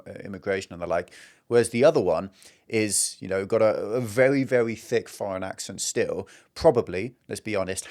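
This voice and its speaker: A British man giving opinionated commentary over news clips, emphatic in his delivery. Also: deep voice. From Britain. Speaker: political commentator.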